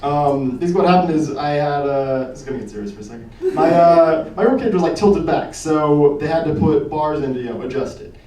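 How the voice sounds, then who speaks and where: A seventeen-year-old boy performing a deadpan stand-up set in a small lounge, putting on higher voices for the people in his jokes. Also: a little fast, hardly any pauses. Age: teenager, 17. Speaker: stand-up comedian. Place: small comedy lounge with audience. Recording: roomy, distant amateur recording with noise. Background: audience laughter and room noise.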